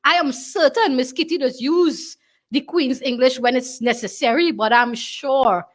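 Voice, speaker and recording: A woman's voice: high-pitched, measured pace. A woman with a Tobago accent, hosting a talk show and chatting to the audience in dialect. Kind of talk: lively studio show hosting.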